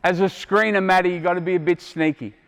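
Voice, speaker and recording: Middle-aged Australian male basketball coach, fairly high voice, blunt and wry, echoey gym. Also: fairly even intonation, quick pace, a bit bright, smooth. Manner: quizzing players, blunt and joking. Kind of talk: on-court coaching clinic. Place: indoor basketball court. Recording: long hall reverb from a gym.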